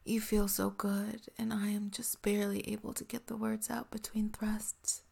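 A woman narrating a whispered role-play in a soft, slow, intimate whisper, close to the mic. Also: medium pitch, flat delivery, gravelly, husky.

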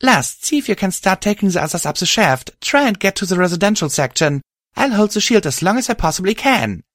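A man's voice: high-pitched, expressive, normal speed, no echo, pitched above the performer's own voice. A protective winged pony hero barking strained orders in a raised voice, as a male narrator voices the hero. The delivery is tight and pressed, recorded close and dry. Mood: commanding.

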